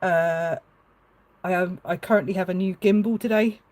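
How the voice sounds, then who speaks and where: A woman's voice: on the low side, steady tone, moderate pace, a little mellow, no room sound, rough recording. Chatty hesitant woman streaming live. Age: adult with a child. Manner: chatty, hesitant, many fillers and restarts. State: tearful at moments. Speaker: livestreaming artist. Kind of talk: casual live-stream chat.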